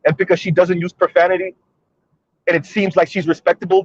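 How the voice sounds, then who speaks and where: A man's voice: high-pitched, flat delivery, fairly quick, slightly rough, dry recording, lo-fi sound. A man hosting a commentary monologue, pressing his points with repeated rhetorical questions. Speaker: commentary video host.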